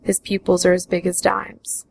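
Woman, memoir narration, gravelly fry in the voice, level delivery. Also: lowish voice, poor audio. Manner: slow, even storytelling. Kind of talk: first-person memoir reading.

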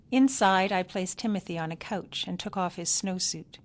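A woman reading her own memoir aloud in a measured, deliberate way with dry understatement. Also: lowish voice. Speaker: memoir narrator.

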